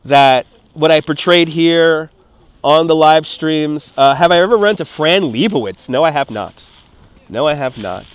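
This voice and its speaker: New guy on a phone livestream outside, high lively voice, rambling, kinda worked up, swears a lot. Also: clean tone, no room sound. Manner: emotional, rambling, repeats himself, swears. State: close to tears. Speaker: livestream vlogger. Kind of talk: live-stream chat, outdoors. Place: outdoors in a city street. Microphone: phone on a gimbal.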